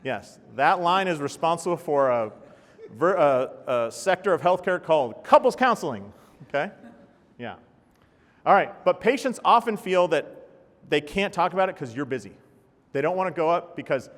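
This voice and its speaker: A man giving a live talk to an audience, energetic and joking, often putting questions to the crowd. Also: on the high side, moderate pace. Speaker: speaker at a healthcare talk. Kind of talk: live keynote presentation. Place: large hall with audience. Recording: long reverb of a large hall.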